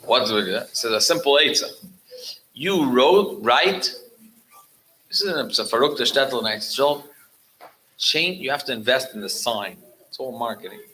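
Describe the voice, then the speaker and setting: Guest rabbi, male, lively storyteller with a bright edge, restarts a lot, Yiddish and Hebrew words mixed in. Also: medium pitch, moderate pace, long pauses, a little hiss or hum, low-quality recording. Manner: frequent restarts and repeated words. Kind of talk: storytelling talk at a religious gathering.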